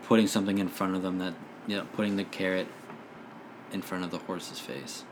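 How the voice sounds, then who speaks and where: A man who runs a tabletop game, talking in a relaxed, rambling way with lots of fillers. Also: low-pitched, fairly quick, background noise. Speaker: dungeon master. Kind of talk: casual podcast chat.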